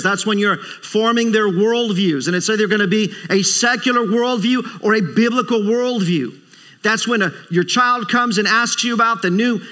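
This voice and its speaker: A man's voice: sits high, sharp tone. A man preaching a sermon as a visiting speaker, emphatic, repeating phrases for stress and calling for amens. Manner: calls for amens from the congregation. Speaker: guest preacher.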